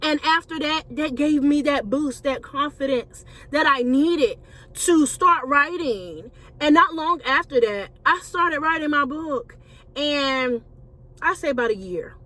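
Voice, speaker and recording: A woman's voice: high-pitched, pushed and bright. A woman, a Christian life coach and author, telling her personal story to viewers in a conversational way, calling them y'all.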